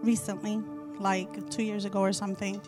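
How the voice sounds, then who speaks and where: A middle-aged woman sharing a Christian testimony with an audience, telling her story in an animated way and repeating phrases for emphasis. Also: medium pitch, moderate pace, over music. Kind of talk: faith testimony told to an audience.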